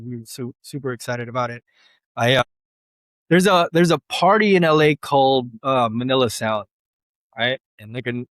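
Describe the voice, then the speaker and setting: Young adult male DJ guest, slangy storyteller, mid-range pitch, dry studio sound. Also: no room sound. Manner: animated, acts out quoted voices in a higher pitch; relaxed slangy speech with many fillers. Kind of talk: casual interview storytelling. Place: podcast studio.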